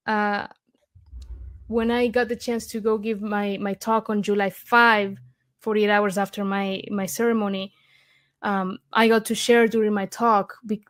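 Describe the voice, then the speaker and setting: Woman guest, Argentine accent, eager storyteller, middle pitch, lots of ums and restarts. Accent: Argentine Spanish. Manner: eager, many restarts and fillers. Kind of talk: interview storytelling.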